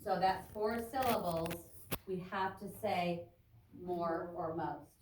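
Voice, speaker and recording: A woman's voice: on the low side, slow pace, recorded from a distance, background noise. A woman teaching an adult English class, chatting loosely and interrupting herself as she explains grammar. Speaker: ESL teacher. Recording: echoey classroom taped from afar.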